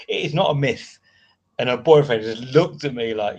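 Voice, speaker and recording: A man's voice: a little high, lively intonation, a little slow, pauses often, dull audio. Chatty British man rambling on a live stream. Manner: rambling, chatty, answers viewer comments between asides. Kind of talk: casual live-stream chat.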